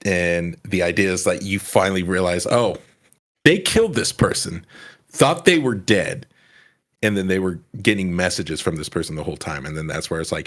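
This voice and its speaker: A man with a very low voice, chatting on a podcast as the guest. He tells his story with lively energy and acts out bits of dialogue as he goes. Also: normal speed. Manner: animated storytelling, acts out lines. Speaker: podcast guest, comedy sketch creator. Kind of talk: casual podcast chat.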